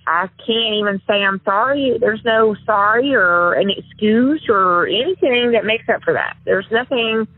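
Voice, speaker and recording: A woman's voice: medium pitch, measured pace, few pauses, husky, no echo. A woman being interviewed about her past, talking in a rambling, self-interrupting, confessional way over a phone line. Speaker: interviewee, former prank caller. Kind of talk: casual interview.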